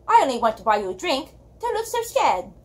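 A woman voicing a dashing young man who speaks in a smooth, pitying way with an attempted British accent. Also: high voice, big pitch swings, brisk. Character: dashing, courtly young man, kindly condescending.

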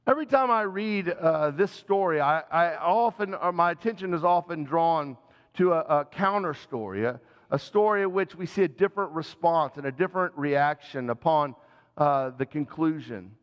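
A man's voice: on the high side, expressive, normal speed, smooth, long reverb tail, lo-fi sound. A man, a senior pastor, preaching a sermon in an earnest, conversational way and asking the congregation direct questions. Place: church sanctuary.

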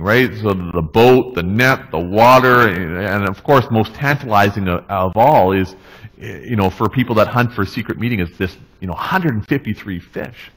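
A male pastor preaching a sermon in a relaxed, conversational way, often checking in with the congregation. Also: lowish voice, rough recording. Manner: conversational, tag questions, restarts. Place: church.

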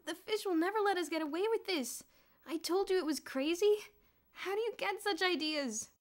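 A woman's voice: very high voice, moderate pace, pitched above the performer's own voice. A woman voicing a jumpy, gloomy schoolboy in an audiobook, panicky and complaining. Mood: alarmed. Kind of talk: audiobook character voice.

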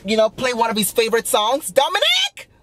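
A man's voice: wildly swooping pitch, fairly quick, exaggerated voice. A man doing Patricia, a brash sassy young mom. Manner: loud, giggly, swears constantly, swoops up high. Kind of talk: comedy sketch in character. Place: in a car.

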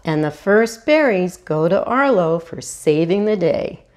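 A caring mother dinosaur, gentle and reassuring, as a woman reads her lines from a storybook. The voice moves through a lively range of pitch. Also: measured pace.

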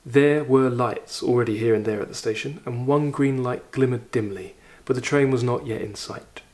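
A man reads a classic short story aloud, lifting his voice for the quoted lines. Between passages he slips into reflective, conversational commentary. His pitch sits in an ordinary middle register. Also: normal speed. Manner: expressive reading, raises voice for quoted lines, reflective asides. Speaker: literature teacher reading aloud.

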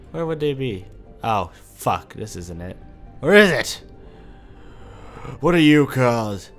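Young-sounding male gamer for loose let's play narration, profane and rambling, very animated delivery. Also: mid-range voice, takes it slowly, long pauses, soft background music. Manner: rambling and profane, often swears; thinks aloud while playing. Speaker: gamer playing a video game.

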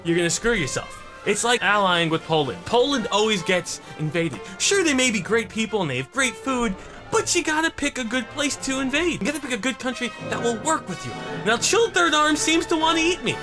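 A man giving comedic gameplay commentary, excitable and mock-serious with crude jokes. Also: very high-pitched, fairly quick. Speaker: gaming commentator. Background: background music.

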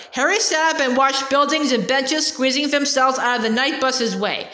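High-voiced woman reading a storybook aloud. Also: animated, normal speed, hardly any pauses, pushed and bright. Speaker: reader. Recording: roomy echo.

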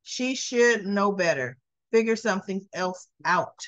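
Woman, 60s, chatty soap recapper, animated delivery, dry and slightly lo-fi sound. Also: a little slow, no echo. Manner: chatty, acting out the characters' lines with lively pitch jumps. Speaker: soap opera recap vlogger. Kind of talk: casual episode recap. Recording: slightly dull, lo-fi audio.

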